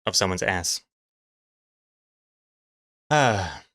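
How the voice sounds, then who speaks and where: A man's voice: low voice, very animated, very slow, fairly bright tone, no room sound, clean studio sound. A man chatting casually and joking at his own expense while he draws comics on a live stream, reading chat messages aloud. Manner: self-mocking, jokey, reads chat aloud.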